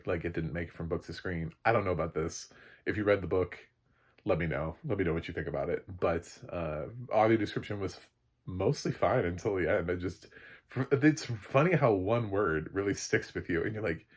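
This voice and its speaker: Low husky man rambling through a film review. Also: moderate pace. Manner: rambling, blunt, swears freely, laughs loudly. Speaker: movie reviewer. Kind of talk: casual spoken review.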